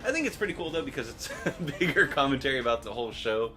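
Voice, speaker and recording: A young man co-hosting a casual podcast, animated and analytical as he argues points about a TV episode, laughing easily. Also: mid-range voice, racing, over music. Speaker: podcast co-host. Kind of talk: casual chat recapping a TV episode.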